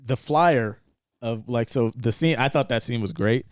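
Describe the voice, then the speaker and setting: A young man talks through a movie scene in loose, rambling podcast chat, now and then slipping into the characters' lines. His voice is smooth and resonant, at a middle pitch. It sounds close and dry, with no room around it. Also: a little slow, no room sound. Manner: rambling, animated retelling with quoted lines. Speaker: podcast co-host. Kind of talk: casual film discussion.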